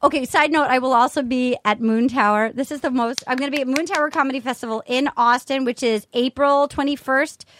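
A woman's voice: sits high, a bit bright, a little hiss or hum. A woman co-hosting a podcast, telling stories in bubbly, gushing casual chat. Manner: bubbly and gushing, quick storytelling. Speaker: podcast co-host and comedian.

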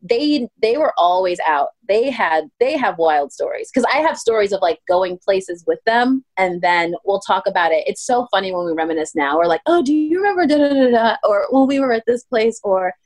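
A woman in her thirties, a pastry chef guest telling stories in a casual interview, acting out quoted voices with sudden pitch jumps. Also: normal speed, hardly any pauses. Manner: animated, acts out quotes with lively pitch jumps. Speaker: guest, pastry chef turned ice cream maker.

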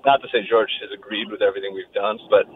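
Male phone guest, low voice, tinny line with faint hiss, thoughtful and halting. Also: steady tone. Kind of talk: phone interview.

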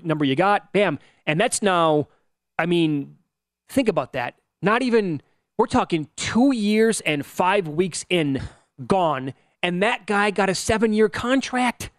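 A man's voice: a little high, moderate pace, dry recording, studio quality. A young man co-hosting a sports betting show, chatty and teasing. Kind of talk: casual sports radio banter.

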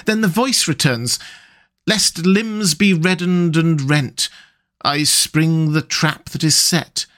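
A man voicing a gentle, dreamy male water rat from a storybook, speaking softly and wistfully. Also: fairly high pitch, takes it slowly, pitched above the performer's own voice. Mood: hushed wonder. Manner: soft, wistful, languid.

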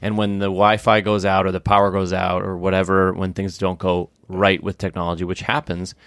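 A man with a fairly low voice co-hosting a relaxed podcast, giving measured and thoughtful views on classroom teaching. The sound is dry and close, with almost no room echo. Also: smooth. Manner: reflective, measured opinions on teaching. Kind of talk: casual discussion.

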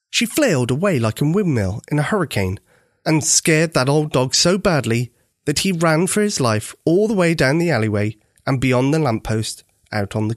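Lively man reading a children's story. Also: on the high side, no room sound, studio quality. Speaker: narrator. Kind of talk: scripted children's story narration.

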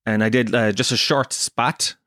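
Irish male podcast host, mid-pitched, animated storyteller who swears freely, dry room. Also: normal speed, no room sound. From Ireland. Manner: animated storytelling, swears a lot, acts out quotes. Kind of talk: casual comedic monologue.

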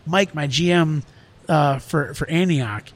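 A middle-aged restaurant owner talking earnestly in a casual podcast conversation, rambling with lots of fillers. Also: male voice, a little high, measured pace.

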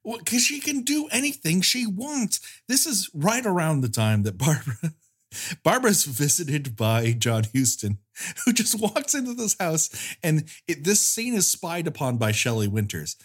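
A man hosting a podcast, recapping a bad movie with sarcastic, profane jokes and quick acted-out quotes. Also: on the high side, sing-song, slightly rough. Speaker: podcast co-host.

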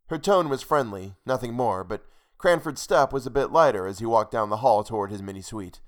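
A man narrates a short story in a steady, measured way. His voice sits at a middling pitch for a man, and the telling stays even. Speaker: podcast narrator. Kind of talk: scripted fiction narration.

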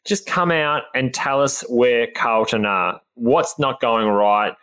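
A man's voice: mid-range voice, takes it slowly, fairly bright tone, clear, resonant tone. An Australian man co-hosting a sports podcast, venting in exasperated casual banter. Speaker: podcast co-host.

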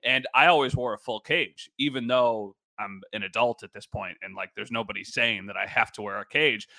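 A man's voice: medium pitch, pushed and bright, no room sound. A man co-hosting a sports podcast, chatting casually with a self-deprecating manner. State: just recovered from a nasal cold. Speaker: sports podcast co-host, former TV reporter.

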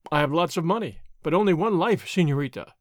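A man's voice: fairly high pitch, animated, fast talker, dry recording, clean studio sound, lightly acted. A man reading the part of a lazy, ironic young nobleman in an audiobook, drawling and mildly mocking. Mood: languid.

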